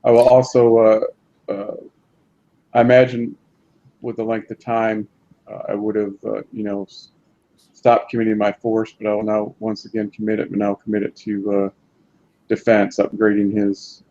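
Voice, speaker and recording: A man thinking his game moves through aloud, hesitant and full of fillers. His voice is lowish and flat. The sound comes over a dull, lo-fi mic. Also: normal speed, long pauses. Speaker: player. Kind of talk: tabletop game play.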